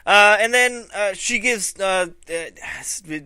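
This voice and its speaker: A man's voice: sits high, lively intonation, takes it slowly, vocal fry, pushed and bright, clean tone, no room sound. A man hosting a casual review vlog, loose and laughing, swearing freely. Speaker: vlog host.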